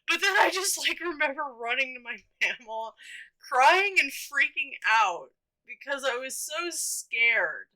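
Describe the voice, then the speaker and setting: This storytime vlogger is a young woman whose voice sits high and sounds pushed and bright, though the audio is poor. She rambles casually through tales of her childhood, full of fillers and restarts.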